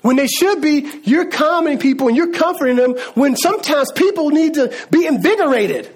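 A man preaching a sermon, animated and conversational, with sudden emphatic calls. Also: very high voice, moderate pace. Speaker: pastor.

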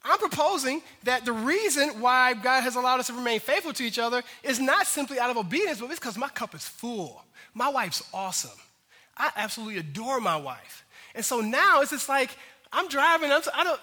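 A male pastor preaching a sermon in a casual, lively way, with slang asides to the congregation. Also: very high voice, brisk, big-room sound.

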